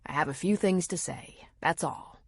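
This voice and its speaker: A woman voicing an earnest, slightly nervous young man in an audiobook, with a husky voice. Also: sits low, normal speed, dry recording, full character voice. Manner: earnest, reassuring.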